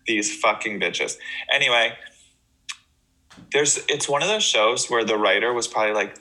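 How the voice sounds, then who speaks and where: A man's voice: medium pitch, a little slow, pauses often, pushed and bright, rough recording. A man co-hosting a podcast in casual chat, wired on coffee, joking around, swearing and goofing off. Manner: jokey, hyper, goofing with silly voices and swearing. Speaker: podcast co-host.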